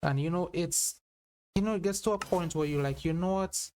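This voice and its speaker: A man's voice: fairly high pitch, fairly quick, darkish tone, slight background noise. Rambling casual young man. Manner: rambling, many fillers. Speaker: YouTuber. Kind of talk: casual video intro chat.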